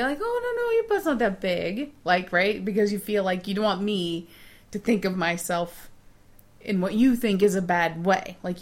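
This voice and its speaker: Chatty woman co-hosting a podcast. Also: medium pitch. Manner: chatty, laughs often, animated when making a point. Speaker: podcast co-host. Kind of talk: casual chat and advice.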